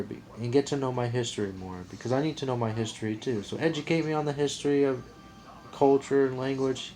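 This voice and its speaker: Rambling, repetitive American man ranting. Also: mid-range voice. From United States. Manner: rambling, repetitive, animated opinionated rant. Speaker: vlogger. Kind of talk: casual monologue to camera.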